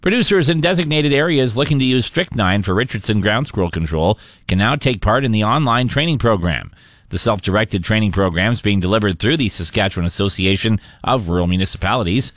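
A man reads local news with steady, measured delivery. His low voice moves with a lively rise and fall. The sound is dry and close. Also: no echo. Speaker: radio news anchor. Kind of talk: scripted newscast reading.

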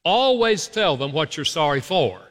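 A man with a fairly high, forceful voice teaches an audience in an earnest, emphatic way, speaking straight to his listeners. His words ring out with a long reverb from a large hall. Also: sing-song, moderate pace. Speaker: speaker on marriage and apology.

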